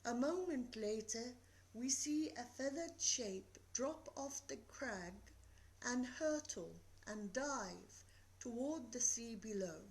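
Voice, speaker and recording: A woman giving a recorded literature lecture, reading verse slowly and deliberately and explaining it. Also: on the high side, lively intonation, low-quality recording.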